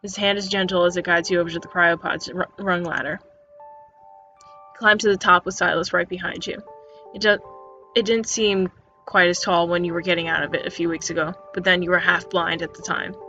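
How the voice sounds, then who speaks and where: A woman's voice: on the low side, level tone, brisk, bright, forceful tone. A woman reading an interactive story game aloud in second person, stumbling and restarting words often. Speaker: narrator. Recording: dull lo-fi recording with faint music.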